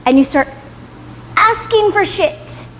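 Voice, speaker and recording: Speaking very high-pitched, slowly and a bit brightly with lively intonation, a woman in her thirties leads a motivational class. She is emphatic, swears freely and ends points with "right?". The setting is a salon in a roomy hall, echoey with faint background noise.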